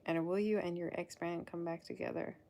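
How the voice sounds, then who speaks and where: A woman's voice: fairly low pitch, steady tone, brisk, warm tone. A woman doing a live tarot reading in a loose, chatty way, full of fillers and calling the listener "girl". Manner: loose, fillers and half-sentences. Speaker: tarot reader.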